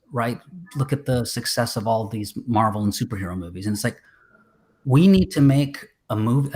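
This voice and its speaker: A man's voice: medium pitch, darkish tone. A man, a filmmaker guest, chatting casually on a video call, rambling with many fillers and restarts. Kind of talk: casual interview chat.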